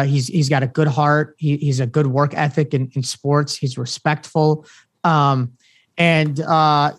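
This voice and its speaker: A man talking as a podcast guest in a halting, rambling way, full of fillers and restarts. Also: fairly high pitch, no room sound, clean studio sound. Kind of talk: casual chat.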